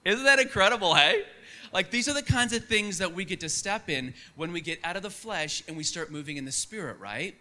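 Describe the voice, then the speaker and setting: A young man preaching a sermon, telling stories in an animated, conversational way. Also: high-pitched, a little fast.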